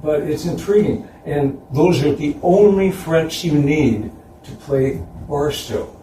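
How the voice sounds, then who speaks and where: A man giving a conference lecture about slides, relaxed and chuckling between points. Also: a little high, takes it slowly, noisy background. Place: concert hall. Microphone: distant room mic. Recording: roomy, distant hall recording.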